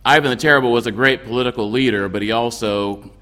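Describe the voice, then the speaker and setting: A man delivering a sermon as a priest, explaining scripture in a measured way with occasional restarts. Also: medium pitch, pushed and bright, big-room sound. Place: church.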